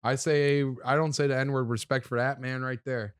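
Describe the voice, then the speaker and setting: A man's voice: mid-range voice, steady tone, moderate pace, clear, resonant tone, no room sound, studio quality. A man from South Florida, a podcast guest in casual chat, earnest and laughing easily.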